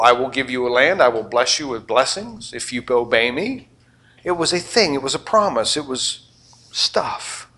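An older man delivers a sermon with a bright, forceful voice pitched a little high. He peppers the congregation with questions, then drops to near-whispered asides before building back up. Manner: animated, questioning the congregation, swings from loud to quiet. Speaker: pastor.

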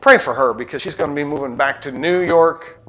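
An older man preaching a sermon as a pastor, with rhetorical questions and passion that surges loud and then drops low. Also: fairly quick. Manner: impassioned preaching, rhetorical questions, surging and dropping loudness.

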